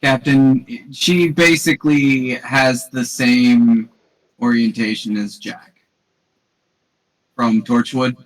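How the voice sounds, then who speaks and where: A man's voice: medium pitch, steady tone, takes it slowly, pauses often, far from the mic, rough recording. A man playing in a tabletop game on a live stream, sheepish and apologetic as he explains his moves. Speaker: player.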